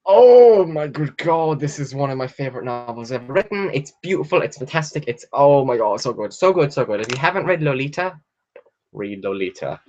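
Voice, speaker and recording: A young man hosting a casual live book chat from home, chatty and excitable, swearing freely and squealing with delight. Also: mid-range voice, fairly quick. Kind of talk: casual livestream chat, reading out viewer questions. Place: at home, sitting in a chair.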